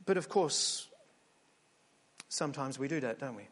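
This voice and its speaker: A man's voice: mid-range voice, animated, measured pace. A man preaching a sermon in a conversational storytelling way, full of rhetorical questions. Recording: long hall reverb.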